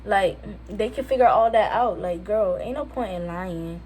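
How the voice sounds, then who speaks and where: Speaking at a normal speed and medium pitch, a teen girl from Jamaica chats her way through a casual storytime for her channel. She uses plenty of fillers and puts on lively voices when quoting people, recording on a phone camera. Slight background noise is audible.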